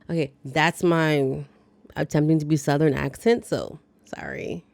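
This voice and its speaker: A woman's voice: low voice, steady tone, a little slow, vocal fry, darkish tone, no room sound. Chatty woman recapping a movie. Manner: chatty, playful asides and reactions. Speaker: movie review host.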